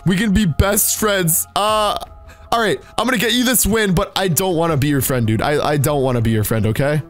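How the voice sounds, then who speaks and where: Teen guy with a high voice, nervous hyped gaming commentary, talks to viewers, faint music behind. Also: a little fast. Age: late teens. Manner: anxious, excitable, addresses viewers directly. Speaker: gaming YouTuber. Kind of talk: scripted gameplay commentary.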